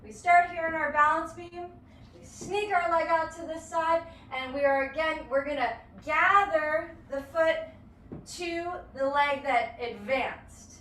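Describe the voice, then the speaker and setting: A woman dance instructor teaches a live-streamed lesson in a home or studio room, counting beats aloud in a playful, encouraging way. Her voice is high and fairly bright, steady and measured, heard from a distant mic in an echoey room with slight hiss or hum.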